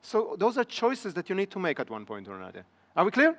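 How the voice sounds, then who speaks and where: A man's voice: sits high, wildly swooping pitch, fast. A middle-aged man, a business trainer, giving a live seminar lecture in a training room and checking in with his audience through repeated rhetorical questions. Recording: long reverb in a large training hall.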